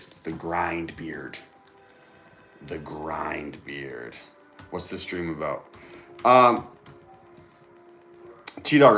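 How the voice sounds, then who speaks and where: A man's voice: on the low side, a bit bright, a little hiss or hum. A young man hosts a casual livestream from home. He reads viewer comments aloud, banters with them and often repeats his phrases. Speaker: livestream host. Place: indoors at home with a TV on.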